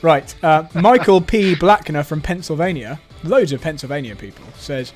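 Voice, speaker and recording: A man's voice: a little high, moderate pace, hardly any pauses, darkish tone, soft background music. Man reading stream chat, wry. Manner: reads viewer comments aloud with wry asides. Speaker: live-stream host.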